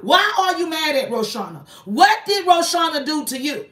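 Very animated and a bit bright, a high-voiced woman speaks at normal speed with few pauses on her confrontational live stream. She preaches, invokes God, and keeps hitting one target with accusing rhetorical questions, sitting back from the mic in an echoey room.

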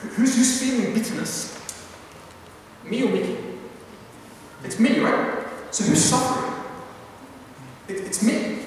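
With an extremely high pitch, a measured pace and long pauses, a man gives a conversational youth talk in a church hall. He repeatedly asks if his listeners follow and restarts sentences by repeating words. The audio carries a little hiss or hum, and the very echoey hall makes him sound distant.

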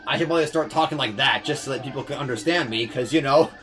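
A young man giving casual gameplay commentary, fast-talking, swearing, often stumbling over words. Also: mid-range voice, a bit bright, faint music behind. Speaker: let's player.

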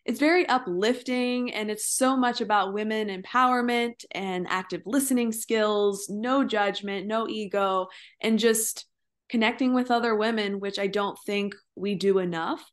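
A woman's voice: mid-range voice, measured pace. A woman talking as a podcast guest, a yoga teacher, chatting casually in a bubbly, rambling way with many fillers. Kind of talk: casual interview chat.

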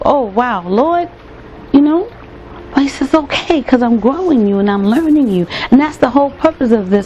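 A woman's voice: high voice, darkish tone, a little hiss or hum. A woman preaching a sermon, earnest and emphatic, repeating phrases for weight and calling out to the congregation. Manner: calls out to the congregation directly.

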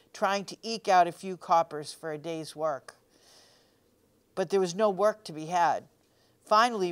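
A woman reads a picture book aloud for children, her voice low-pitched and smooth. She stays gently expressive and now and then asks her young listeners a question. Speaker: storytime reader.

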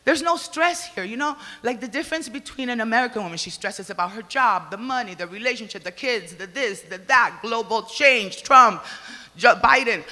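Brash woman doing stand-up. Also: a little high. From Dominican Republic. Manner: brash, crude and loud, shouting punchlines. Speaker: stand-up comedian. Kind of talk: stand-up comedy set. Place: comedy stage before an audience. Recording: reverberant live venue, faint ambience.

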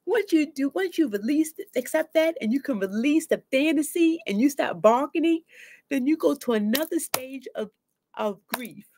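A woman therapist with a fairly high voice talks to camera in a loose, conversational way, dropping casual slang. She acts out people's inner voices, swinging between loud bursts and quiet asides. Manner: animated, acts out inner voices with sudden swings in pitch and loudness. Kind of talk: talking to camera about grief and letting go.

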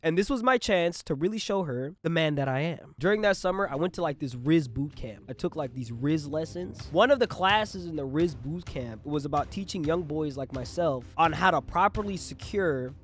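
A young man telling a comedic story in casual slang, animated and swinging between loud bursts and hushed asides. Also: on the high side, normal speed, few pauses.

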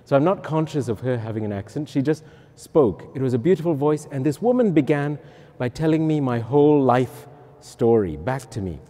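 A middle-aged priest gives a personal testimony in a lively storytelling style, dropping in humorous asides at his own expense. His voice is medium in pitch at a normal pace, and the recording echoes like a hall.

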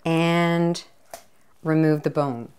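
A woman's voice: sits low, fairly even intonation, extremely slow, background noise. A woman hosting a comic cooking demonstration, talking to camera in a playful, chatty way with jokey asides and little cheers. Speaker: cooking show host, home economist.

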